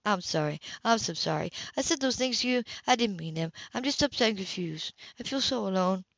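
A woman's voice: medium pitch, lively intonation, brisk, vocal fry, fairly bright tone, dry recording. A woman reading an audiobook, voicing a bitter, manipulative woman who snaps and pleads by turns. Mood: pleading. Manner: snapping, swinging to pleading. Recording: dull lo-fi home recording.

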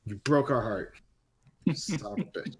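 A man's voice: on the low side, animated, unhurried. A man, a guest on a podcast, chatting casually and joking through long rambling stories. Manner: rambling, joking, lots of restarts. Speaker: podcast guest, event organizer.

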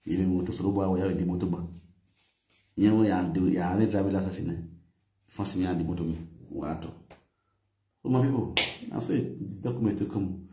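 A Nigerian man chatting excitedly on a live video, thanking his followers and mixing English, pidgin and Yoruba. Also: sits low, fairly quick, pauses often, echoey room. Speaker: vlogger doing a daily live video. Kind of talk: casual live-stream chat.

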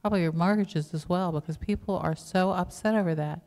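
A woman's voice: fairly low pitch, fairly quick, a little mellow. A woman pastor preaching a sermon in a conversational way, asking the congregation rhetorical questions. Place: church sanctuary. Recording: reverberant church hall.

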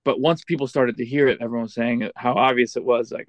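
Guy musician on a podcast, candid and self-deprecating, mid pitch, dry close sound. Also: steady tone, fast, dry recording. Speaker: guest musician. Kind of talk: casual interview chat.

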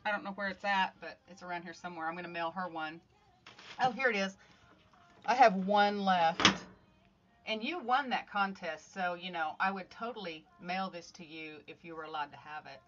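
A woman with a lower voice talks at a normal speed over a noisy background. She hosts a casual craft-art livestream from home, upbeat and greeting viewers by name as she works. The phone stream sounds slightly dull, with faint music.

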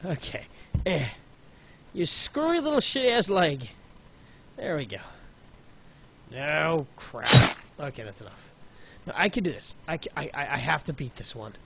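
Male gaming commentator, lively swinging pitch, slow unhurried delivery, noisy home recording. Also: vocal fry. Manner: frustrated, exclaiming and muttering at the game. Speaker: gaming YouTuber. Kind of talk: let's play commentary.

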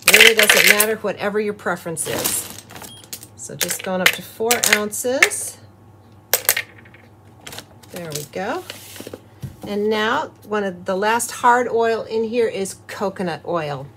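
A woman's voice: mid-range voice, slow, pauses often, very noisy. A middle-aged woman hosting a home craft tutorial, chatty and cheerful, talking through each step as she works. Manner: cheerful and chatty, with soft laughs. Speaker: host of a soap-making channel.

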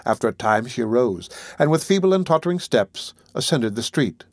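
Brief: man narrating a classic novel, steady and even, dry studio sound. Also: mid-range voice, normal speed, dry recording. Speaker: audiobook narrator. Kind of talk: scripted narration.

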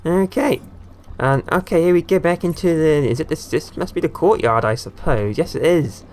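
A man's voice: a little high, moderate pace, darkish tone, slight background noise. A man giving casual, rambling commentary as he plays a video game, often talking straight to the characters on screen. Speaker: gaming video creator. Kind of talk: casual let's-play commentary.

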